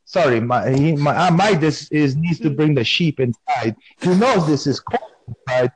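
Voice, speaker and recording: Man in a lively put-on comic persona. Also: fairly high pitch, moderate pace, low-quality recording. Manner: playful deadpan put-on persona, insisting he has no accent. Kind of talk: comic in-character chat. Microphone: phone call.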